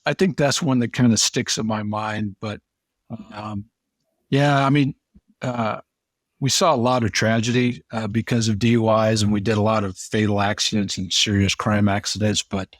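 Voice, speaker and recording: A man's voice: lowish voice, fairly even intonation, moderate pace, no room sound. Man telling stories, dry close sound. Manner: rambling anecdotal, many restarts. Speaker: podcast guest, former police pilot. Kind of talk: casual storytelling.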